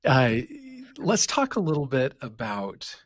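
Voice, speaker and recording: A man's voice: medium pitch, big pitch swings, takes it slowly, dry recording, studio quality. A man hosting a podcast interview, asking questions in an upbeat, encouraging way. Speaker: podcast host.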